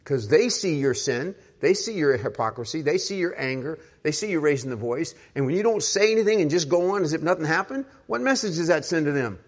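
An older man preaches a sermon in an easy, conversational way, putting rhetorical questions to his listeners. When he turns to his own stories, he drops to a soft, hushed voice. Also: on the high side, expressive, fairly quick, hardly any pauses. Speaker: pastor.

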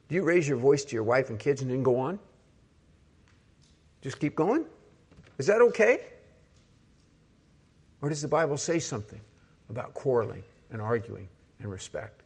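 This older pastor has a mid-range voice with a breathy edge. His sermon is conversational and full of rhetorical questions, and his voice goes soft and hushed as he retells personal moments.

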